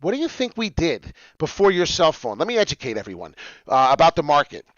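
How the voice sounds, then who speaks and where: Male crypto-stream host, animated and rambling, mutters then shouts; lo-fi dry recording. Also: a little high, brisk, no echo. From New York. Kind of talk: casual livestream chat.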